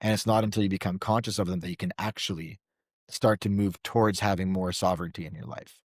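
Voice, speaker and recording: A man's voice: sits low, fairly even intonation, fast, dry recording, clean studio sound. A man working as a men's coach, a guest on a podcast, explaining things in an earnest way with repeated checks like "right?". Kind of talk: casual podcast conversation.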